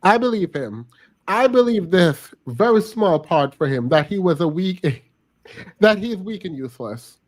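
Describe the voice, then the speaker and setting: A man's voice: sits high, very animated, measured pace. A man hosting a reaction commentary, sassy and blunt, often breaking into laughter. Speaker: commentary host.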